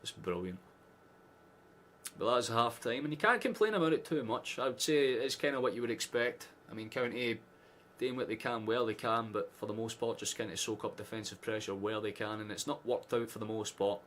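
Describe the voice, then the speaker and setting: A man's voice: mid-range voice, fairly quick, a bit bright, a little hiss or hum. A Scottish man hosting a live football watchalong, chatting casually with sarcastic asides and frequent swearing. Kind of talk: casual live match chat.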